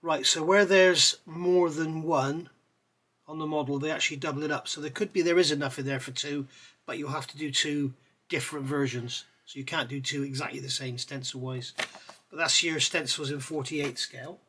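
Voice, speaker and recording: A man reviewing scale model parts in a chatty way, pausing with fillers and correcting himself as he goes. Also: fairly high pitch, fairly even intonation, sharp tone, breathy edge. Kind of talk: casual product review.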